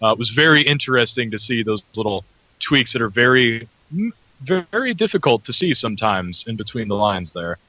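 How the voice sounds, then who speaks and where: A man hosts a radio chat in a bright, forward tone, recorded dry and close. He rambles through his points with lots of fillers and keeps breaking into laughter. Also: medium pitch, very animated, a little fast, no echo, low-quality recording. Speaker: radio show host. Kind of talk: casual radio interview.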